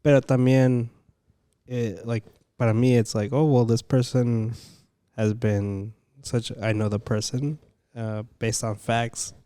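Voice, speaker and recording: A man's voice: mid-range voice, level tone, unhurried, dark tone, clean tone, no echo. A young man argues his point in a skeptical, reasoning way, slipping into now and then. His voice sits in a middle range and sounds close and dry. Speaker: podcast co-host. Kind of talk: casual chat and debate.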